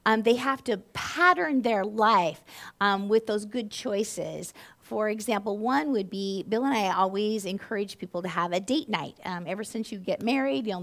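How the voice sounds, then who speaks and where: A woman in her fifties telling personal stories as a marriage speaker, animated and jumping high on punchlines. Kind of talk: storytelling talk to an audience.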